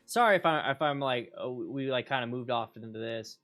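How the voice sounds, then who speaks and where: A man hosting a casual livestream chat with viewers, excitable and rambling, repeating himself with bursts of hype. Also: medium pitch, fairly quick, hardly any pauses, soft background music. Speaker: motorcycle riding instructor and channel host.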